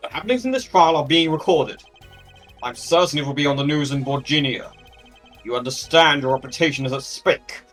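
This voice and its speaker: A fussy, pompous old courtroom judge, voiced by a man in a fan game dub, flustered and lecturing. The voice sits a bit high and swoops widely in pitch. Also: lively intonation, normal speed, fairly bright tone, soft background music. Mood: stern.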